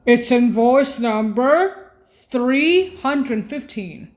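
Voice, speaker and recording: Very slow, halting woman teaching keyboard. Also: on the high side, expressive. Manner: halting, often correcting herself and apologizing. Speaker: keyboard instructor. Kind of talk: casual keyboard demonstration.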